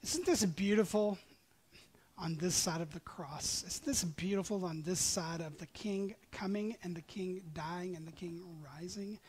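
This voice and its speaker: A man preaching a sermon as pastor, reading scripture with passion and moving between loud emphatic lines and hushed near-whispers. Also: sits high, measured pace, breathy edge. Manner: reads scripture aloud with passion.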